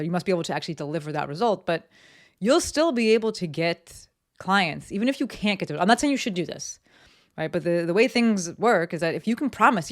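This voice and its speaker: A candid, chatty podcast host from New Jersey, talking solo about business. The delivery is loose and conversational, full of fillers and the odd swear word. It is recorded in a home office. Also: medium pitch.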